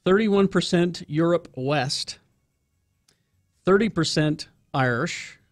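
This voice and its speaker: A man's voice: on the high side, slow pace, faint music behind. A man co-hosting a morning radio show, making wry, dry jokes in casual banter.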